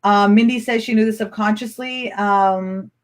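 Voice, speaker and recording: A woman coaching a live-streamed training, chatty and excitable, rambling with restarts as she answers viewer comments. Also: medium pitch, normal speed. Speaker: online business coach.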